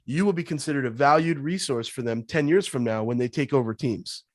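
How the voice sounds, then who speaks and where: A man as a guest sales trainer, answering webinar questions in a punchy, energetic coaching way. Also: medium pitch, brisk, dry recording, studio quality.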